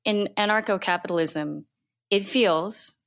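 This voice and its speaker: A woman's voice: mid-range voice, unhurried, a bit bright. A woman co-hosting a podcast interview, asking probing follow-up questions. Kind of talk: conversational interview.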